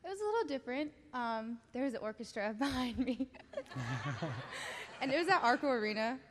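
A young woman giving a halting personal testimony at a church service, laughing often and filling pauses with "um". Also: high-pitched, expressive, noisy background. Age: young adult. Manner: giggly, halting, many fillers. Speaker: baptism candidate giving testimony. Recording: hall reverb.

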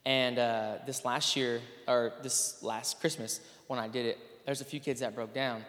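A man's voice: medium pitch, fairly even intonation, unhurried, fairly bright tone. Earnest man speaking in a reverberant hall. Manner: casual and earnest, many fillers and restarts. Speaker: PE teacher. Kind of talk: spoken testimony to an audience.

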